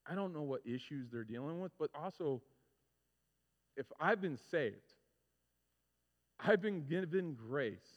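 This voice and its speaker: A male pastor preaching a sermon, telling stories with lively, animated delivery and acting out his own frustrations. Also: fairly high pitch, measured pace, pauses often. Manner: animated storytelling, acts out his own complaints. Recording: muffled sound with long hall reverb.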